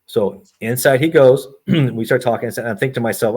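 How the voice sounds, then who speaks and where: A man's voice: medium pitch, a little mellow, husky. A middle-aged man, a retired federal agent, telling stories as a podcast guest and acting out the dialogue he quotes. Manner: brisk storyteller who acts out quoted dialogue. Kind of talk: storytelling in a podcast interview.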